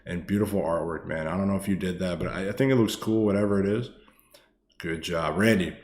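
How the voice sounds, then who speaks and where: Very deep-voiced excitable male stock streamer. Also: a little fast, reverberant. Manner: excitable, swears freely, peppers talk with "man" and "okay". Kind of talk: casual live-stream chart commentary.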